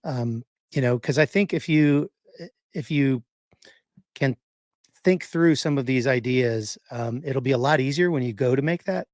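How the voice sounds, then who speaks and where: A man's voice: medium pitch, normal speed, a little mellow, no room sound, studio quality. A man co-hosting a casual podcast, giving advice with lots of fillers. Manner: rambling, many fillers. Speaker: podcast co-host.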